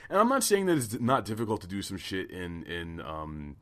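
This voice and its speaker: A man co-hosting a podcast in casual chat. He swears a lot, rambles, and talks in an animated way. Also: low voice, a little fast. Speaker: podcast co-host.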